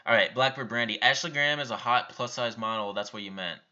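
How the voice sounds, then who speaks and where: A man's voice: mid-range voice, quick pace, bright, forceful tone, muffled recording. A young man hosting a live viewer Q&A, reading out questions and answering them offhand and bluntly in a casual chat. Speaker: YouTube channel host answering viewer questions.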